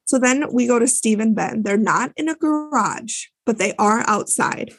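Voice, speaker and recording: Gravelly, husky-voiced woman podcast host. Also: fairly high pitch, expressive, normal speed, dry recording. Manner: chatty storyteller, many fillers and restarts. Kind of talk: casual recap chat.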